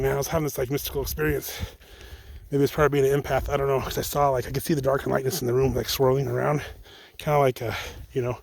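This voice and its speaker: A man's voice: mid-range voice, darkish tone, slightly rough, no room sound. A young man talking casually to viewers in a vlog, telling a personal faith story in a rambling, self-correcting way and calling them guys. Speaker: channel host. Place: outdoors, picking up mail.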